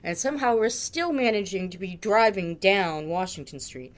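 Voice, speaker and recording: A middle-aged woman from Massachusetts tells a funny memory about a friend as a storytelling tribute, full of dramatic, jokey exaggeration. Her voice is mid-range with lively intonation at a normal speed.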